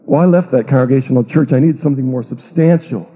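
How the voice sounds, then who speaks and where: A man's voice: medium pitch, fast, husky. A middle-aged man, a pastor, telling a humorous, self-mocking story from his life. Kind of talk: storytelling testimony talk. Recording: tinny phone-like radio broadcast.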